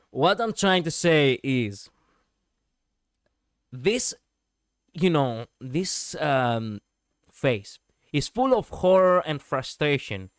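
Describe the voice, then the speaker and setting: A man's voice: a little high, sing-song, drawn-out words, pauses often, smooth, dry recording. A male streamer giving casual reaction commentary, rambling with lots of fillers and the odd swear word, speaking close to his mic. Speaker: streamer reviewing lore videos.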